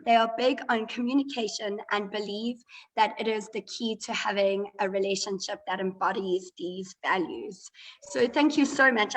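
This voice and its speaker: A woman hosting an online show, reading out a guest introduction in a measured manner. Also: mid-range voice, low-quality recording. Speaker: host.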